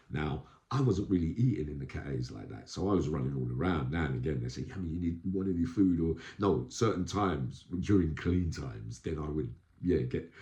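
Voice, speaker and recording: A man tells stories in a deep voice that swings widely in pitch. He uses street slang and acts out the people he quotes. The sound is echoey, as in a bare room. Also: warm tone. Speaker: vlogger recounting prison life. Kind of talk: casual storytelling monologue.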